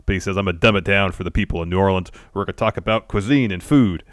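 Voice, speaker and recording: Very deep-voiced man, laid-back recap. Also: racing, clear, resonant tone, dry recording, clean studio sound. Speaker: podcast co-host. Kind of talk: casual wrestling recap chat.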